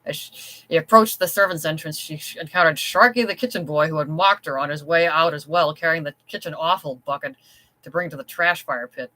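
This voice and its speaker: Bright-voiced storybook narrator. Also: mid-range voice, a little fast, rough recording. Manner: steady storytelling. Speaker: author reading own novella. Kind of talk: scripted audiobook narration.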